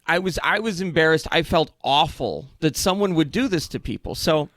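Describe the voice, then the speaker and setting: Casting: male podcast co-host, slightly high voice, rambling, stammering and cursing, recorded dry and close. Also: lively intonation, normal speed, fairly bright tone, dry recording. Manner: rambling storyteller, stammers and swears. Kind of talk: casual podcast chat.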